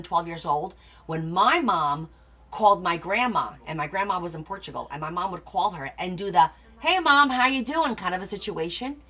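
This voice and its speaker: A woman's voice: mid-range voice, fairly bright tone. A middle-aged woman hosting a crafting livestream, chatting casually with viewers and answering their comments as she tells stories. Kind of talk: casual chat with live viewers.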